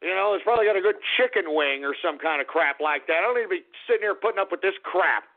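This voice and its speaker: A man hosting a radio show, ranting loudly and swearing in a strained, hoarse voice. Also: high voice, lively intonation, fast talker. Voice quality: strained, fading voice. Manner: loud, profane and exasperated. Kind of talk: ranting call-in radio talk. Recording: phone-like lo-fi radio audio.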